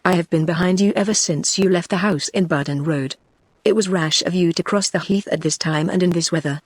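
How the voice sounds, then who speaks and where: A synthetic British-accented woman's voice voicing a sharp, composed gentleman detective, read evenly in the narrator's own voice. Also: fairly low pitch, brisk, husky, no room sound, clean studio sound. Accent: British English. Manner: even synthetic reading.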